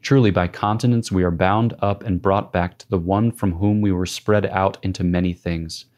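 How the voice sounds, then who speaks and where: A man giving a measured, prayerful scripted reading of a devotional classic. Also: low-pitched, fairly even intonation, darkish tone. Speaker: reader.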